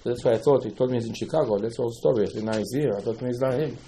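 A man gives a storytelling Torah class in a warm, mellow voice. He keeps repeating key phrases for emphasis and slips Hebrew terms into his English. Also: medium pitch, rapid-fire, a little hiss or hum. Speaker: rabbi teaching Talmud.

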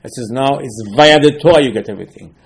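A man's voice: medium pitch, quick pace, creaky. Man giving an emphatic Torah class. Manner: emphatic, repetitive, asks and answers his own questions; non-native English phrasing. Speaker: Torah teacher.

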